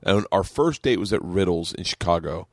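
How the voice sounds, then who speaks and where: A male podcast host spinning a story in casual chat, his voice swooping widely as he quotes himself in exasperation. He swears freely and talks in a tipsy, excited rush of asides. The sound is dry and close. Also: normal speed, no echo. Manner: animated storytelling, rising loud and high in quoted outbursts, swears a lot.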